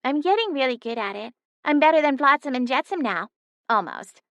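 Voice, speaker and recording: A woman's voice: high voice, lively intonation, fairly quick, a bit bright, dry recording, highs cut off, voice pushed up. A woman voicing a small, cute young female cat who chatters eagerly in an audiobook. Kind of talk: audiobook narration.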